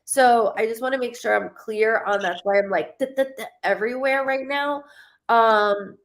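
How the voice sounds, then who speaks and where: A woman in her thirties with a slightly high voice gives a psychic reading on a live stream. She halts and stutters, often repeating words as she searches for what to say.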